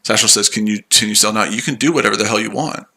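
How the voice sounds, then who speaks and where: A man's voice: on the low side, fast talker, bright, forceful tone. A tired man hosting a live trading stream, answering chat in a sarcastic, combative way and repeating himself. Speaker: trading livestream host.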